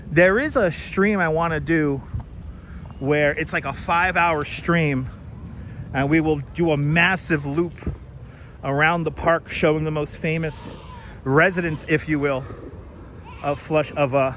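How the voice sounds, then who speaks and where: A chatty man with a slightly high voice hosts a live stream as he walks outdoors through city streets and a park. He reads out and thanks viewers' comments in a relaxed, easygoing way. He speaks into a clip-on mic, with faint traffic behind him. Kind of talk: casual live-stream walking tour chat. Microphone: wireless clip-on mic.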